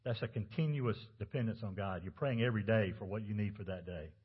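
A man's voice: lowish voice, fast, husky, muffled recording. A man preaching a sermon as pastor, talking conversationally and asking the congregation rhetorical questions.

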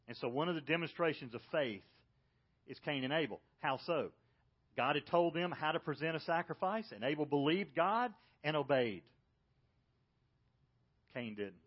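A man's voice: medium pitch, lively intonation, normal speed, pauses often, slightly rough. A male pastor, preaching a sermon and asking rhetorical questions. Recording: dull lo-fi audio.

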